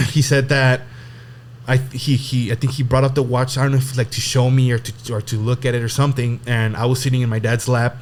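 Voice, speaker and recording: A young man tells a long personal story in loose, casual talk. He rambles, restarts his sentences and swears freely. A faint noise sits behind his voice. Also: mid-range voice. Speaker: podcast guest telling a story.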